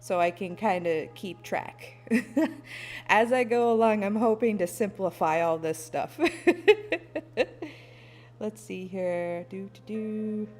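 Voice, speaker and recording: A woman's voice: medium pitch, slow pace, long pauses. A woman streamer chatting casually to her viewers while fixing her stream settings, laughing at herself and humming as she works. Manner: self-deprecating, giggly, hums to herself while fiddling with settings. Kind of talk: casual live-stream chat. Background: soft lofi music.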